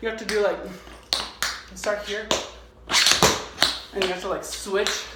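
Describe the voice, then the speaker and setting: This man teaches tap from his garage at home, wandering off topic, cursing a lot, and making fun of himself. He speaks at a measured pace in a high register with little pitch movement. The recording is very noisy, with shoe clicks echoing loudly around the garage.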